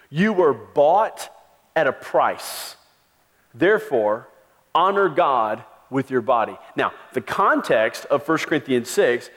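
Male pastor, emphatic sermon delivery, a bit high-pitched, long hall reverb. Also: a bit bright. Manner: emphatic preaching, raising the voice for stress.

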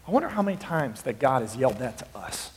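A male pastor preaching a sermon, dropping to a hush and then rising to passionate shouting. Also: medium pitch, sing-song, fast talker, a little hiss or hum. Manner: swings from hushed to impassioned shouting. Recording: long hall reverb.

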